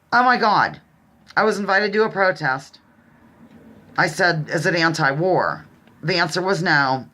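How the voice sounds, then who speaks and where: A woman vlogger delivering a sarcastic, exasperated political rant straight to her viewers, repeatedly addressing them as ladies and gentlemen. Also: fairly low pitch.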